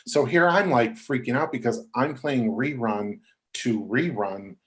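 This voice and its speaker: Animated man telling showbiz stories. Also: mid-range voice, a little slow, noisy background. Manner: animated, acts out quoted voices. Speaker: podcast guest. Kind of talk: casual storytelling.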